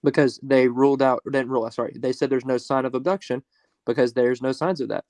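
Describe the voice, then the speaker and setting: A man's voice: mid-range voice, fairly even intonation, fast talker, a little mellow, dry recording. A man appearing as a guest on a livestream, mostly giving short agreeing replies and chatting casually. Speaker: guest, fellow channel host.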